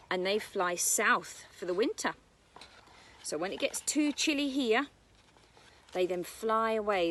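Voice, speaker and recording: British woman, nursery teacher, sing-song storytime reading, lively swooping pitch, faint birdsong outdoors. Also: slight background noise. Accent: British English. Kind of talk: reading a picture book to young children. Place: garden, outdoors.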